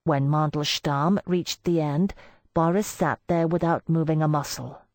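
A woman giving a measured first-person audiobook narration into a close studio mic. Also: low voice, fairly even intonation, darkish tone, no room sound.

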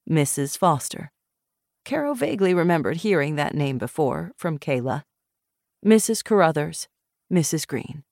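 A woman reading a novel aloud in measured, expressive scripted narration. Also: low voice, creaky, no room sound, clean studio sound. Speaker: audiobook narrator.

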